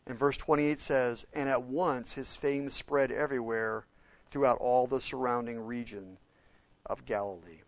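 A man from Oklahoma preaching a conversational sermon. He is animated and emphatic, often questioning his listeners and slipping into casual fillers. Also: mid-range voice, unhurried, no room sound. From Oklahoma, USA. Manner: animated and emphatic, questions his listeners directly and gets loud on key points; informal, with fillers and restarts. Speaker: pastor or Bible teacher. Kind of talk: sermon, conversational Bible teaching.

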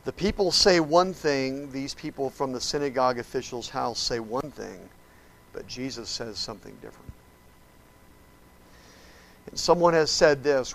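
A male preacher with a gravelly, mid-pitched voice delivers a sermon. He tells the story dramatically and speaks directly to his listeners. His voice swings between hushed tones and loud bursts. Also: a little slow, long pauses, poor audio.

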